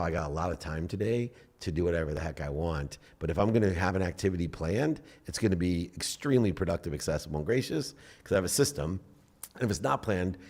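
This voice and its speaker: A middle-aged man with a very low voice speaks as an interview guest. He is animated and blunt, swears now and then, and jumps into acted-out inner dialogue. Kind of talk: casual interview talk.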